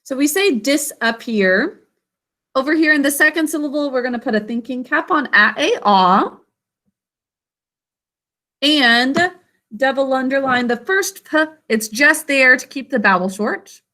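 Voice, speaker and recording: Her voice sits high and sharp as she leads a spelling lesson for kids on a video call, pronouncing every syllable with slow, careful deliberation.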